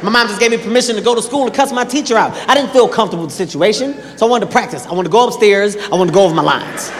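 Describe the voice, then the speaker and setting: High-voiced man doing stand-up. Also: racing. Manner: animated storytelling, acting out characters with shouts. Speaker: stand-up comedian. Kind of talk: stand-up comedy set. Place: large venue with live audience. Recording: echoey live hall with crowd noise. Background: audience laughter.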